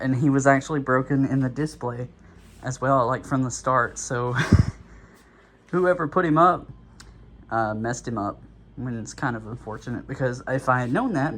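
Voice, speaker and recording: A man's voice: medium pitch, fairly bright tone, a little hiss or hum. A man casually talking through an unboxing in a rambling, easygoing way, slightly out of breath. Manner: rambling and easygoing, with many fillers. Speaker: toy and prop reviewer.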